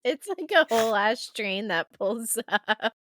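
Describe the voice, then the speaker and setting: A woman's voice: a little high, expressive, unhurried, a bit bright, slight background noise. A woman co-hosting a podcast in casual chat, reacting playfully and laughing often. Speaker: podcast co-host.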